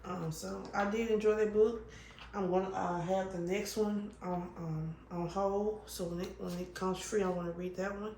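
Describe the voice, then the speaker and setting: A woman with a medium-pitched, fairly even voice talks at a moderate pace while crafting for her vlog. It's loose, casual chatter, broken up by ums, restarts, and the odd cough, captured in a roomy setting with faint noise.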